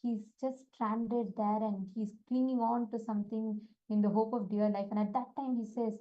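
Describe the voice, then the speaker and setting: A woman's voice: on the high side, fairly even intonation, moderate pace. A woman retelling a scripture story in a spiritual lesson, earnest and full of "uh" fillers. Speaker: spiritual teacher. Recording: dull lo-fi recording.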